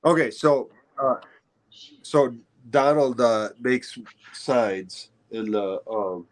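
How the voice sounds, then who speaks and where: A man's voice: medium pitch, takes it slowly, rough recording. A man from Michigan, a rapper guest, chatting loosely over a video call with lots of fillers and laughs. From Michigan, USA. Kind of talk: casual video-call chat.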